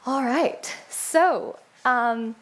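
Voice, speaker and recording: A woman's voice: high-pitched, drawn-out words. A young woman from New York with a New York accent, sharing her personal faith story at church in a chatty way with many fillers. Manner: chatty, warm asides with fillers and laughs. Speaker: church member sharing testimony. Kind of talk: personal testimony talk.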